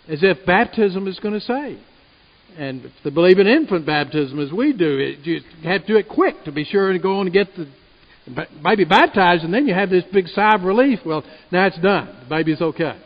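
A man preaches a sermon in a church sanctuary, his fairly high voice pressing earnestly and swelling on key points. The sound is muffled and carries a long hall reverb. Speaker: pastor.

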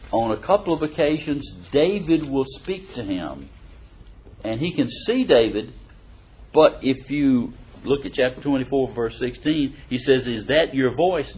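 Folksy, animated man preaching, lo-fi. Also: mid-range voice, slight background noise. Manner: folksy and animated, reads verses aloud with emphasis. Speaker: preacher or Bible teacher. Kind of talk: conversational sermon. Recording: dull lo-fi recording.

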